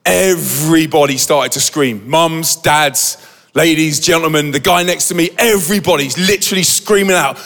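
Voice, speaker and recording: A high-pitched man tells a dramatic story on stage, lively and acting out every voice in the scene. His voice rings through a big hall with a long reverb. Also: normal speed. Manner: animated, acts out the scene with quoted voices. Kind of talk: dramatic storytelling to a live audience.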